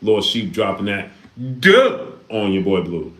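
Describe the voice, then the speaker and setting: Man hosting a livestream, low voice, preachy and repetitive, echoey room. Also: very animated, a little slow, fairly bright tone. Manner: preachy, repeats himself, rhetorical questions. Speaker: live stream host reading Super Chats. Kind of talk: casual livestream talk.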